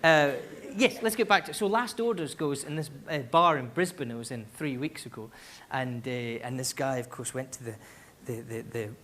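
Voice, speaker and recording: A Scottish man doing live stand-up comedy on a concert hall stage, telling stories in an animated way with quick asides. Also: mid-range voice. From Scotland. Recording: live theatre recording, loud crowd laughter.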